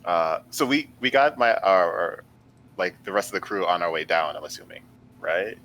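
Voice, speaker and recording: A man's voice: low voice, expressive, moderate pace, a bit bright, poor audio. A man playing in a tabletop game, talking hesitantly with lots of fillers. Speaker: player. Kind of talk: casual tabletop game play.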